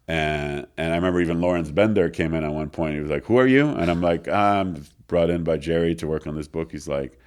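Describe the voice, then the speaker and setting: A man interview guest casually telling a long anecdote in a studio, acting out the other people in it and using many fillers. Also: deep voice. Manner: animated anecdote with quoted voices, filler-heavy. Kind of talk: casual storytelling. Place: recording studio.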